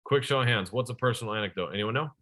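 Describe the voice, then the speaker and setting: A young man giving an energetic sales training talk, speaking straight to his audience and calling on them. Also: medium pitch, very fast. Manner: energetic, addresses the audience directly.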